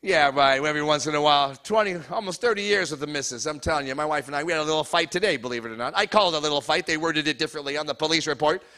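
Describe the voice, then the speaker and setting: A man's voice: fairly high pitch, rapid-fire, hardly any pauses, pushed and bright. A middle-aged man doing a stand-up comedy routine in a church hall, teasing the live audience between jokes. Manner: crowd work, teasing the audience.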